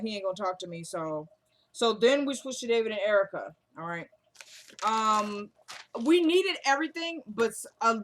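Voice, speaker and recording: A woman's voice: fairly high pitch, fairly bright tone. A woman chatting casually as she recaps a TV drama episode, acting out the characters' lines and tossing in joking asides. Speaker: TV recap vlogger.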